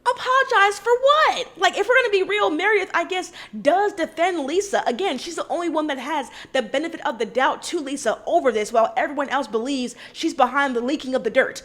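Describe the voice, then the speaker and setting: Woman recap host, high voice, opinionated and sassy, casual vlog commentary. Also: a little fast, hardly any pauses. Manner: opinionated, sassy, talks straight to the cast.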